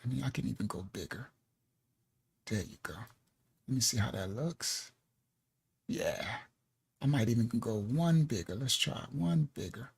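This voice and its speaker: A man's voice: mid-range voice, expressive, measured pace, gravelly, long pauses, husky. A man hosting a livestreamed religious teaching, talking casually and emphatically to viewers at home and laughing often. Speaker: ministry teacher.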